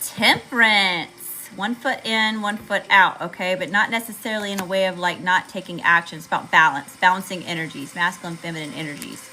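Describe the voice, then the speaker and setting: A woman with a Southern drawl gives a live tarot reading, chatty and loose with slang as she talks straight to her viewers. Her voice is bright and forward. Faint music plays underneath. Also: on the low side, fairly quick, few pauses, low-quality recording. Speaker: tarot reader.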